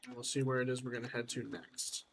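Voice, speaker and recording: A man's voice: mid-range voice, completely flat delivery, fast, gravelly, a bit bright, slight background noise. A man giving let's-play commentary, chatty and wry, talking to himself as he explores. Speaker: gamer.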